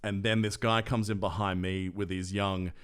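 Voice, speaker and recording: A man with a lowish voice tells a story on a podcast. He talks in a relaxed, chatty way and keeps jumping into the voices of the people he met. It is an easygoing co-host chat. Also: moderate pace, smooth. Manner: animated storyteller who acts out other people's lines.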